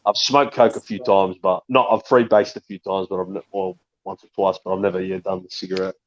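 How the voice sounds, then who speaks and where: A man's voice: low voice, level tone, a little fast. A man in rambling, profane chat, calling everyone bro. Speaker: stream chat guest. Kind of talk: casual crude banter. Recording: dull lo-fi call audio.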